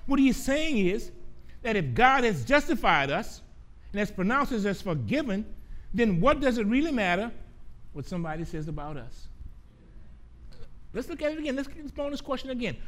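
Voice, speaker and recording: A man preaching a sermon, asking his listeners rhetorical questions, repeating key phrases, and slowing down to let important words land softly. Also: very high-pitched, big pitch swings. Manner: slows down and drops soft on key phrases.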